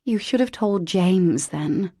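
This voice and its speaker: A woman's voice: on the low side, animated, slow, mellow, no echo. A woman voicing a small boy who is sleepy, sullen and close to tears, in an audiobook. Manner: sleepy, sulky child talk.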